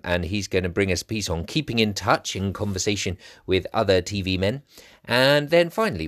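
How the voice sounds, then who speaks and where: Lively man presenting school radio. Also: lowish voice. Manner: upbeat, lively, brisk announcer.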